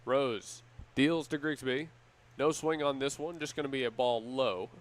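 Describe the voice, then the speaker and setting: A man with a mid-range voice calls baseball play-by-play live, keeping a measured pace between pitches and picking up energy on big plays. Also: steady tone. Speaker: play-by-play announcer.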